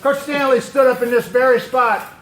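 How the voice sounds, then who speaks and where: A man with a high, light voice speaks as a pastor, quizzing his young listeners and repeating their answers back to them. He sounds like he is in a big echoey room. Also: flat delivery, moderate pace, a little hiss or hum. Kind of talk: talk to a youth football team.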